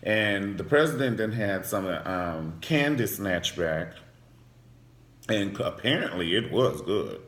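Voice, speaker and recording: A man recapping a TV drama in a sassy, flamboyant, gossipy way, jumping into sudden high squeals. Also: animated, takes it slowly, a bit bright, echoey room. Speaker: TV show reviewer. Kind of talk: casual recap vlog.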